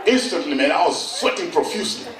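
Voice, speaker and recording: Middle-aged Kenyan man, stand-up storyteller, higher voice, lively, heard from afar in a roomy hall. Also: fast talker, distant mic. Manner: animated, acts out voices and shouts. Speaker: stand-up comedian. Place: event hall on stage. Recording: echoey hall, mic from afar, noisy.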